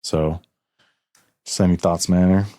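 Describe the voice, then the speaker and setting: A man's voice: low voice, level tone, a little slow, warm tone. A man hosting a podcast, telling a personal story earnestly and getting a little emotional, with many restarts. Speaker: podcast host. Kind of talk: casual podcast conversation.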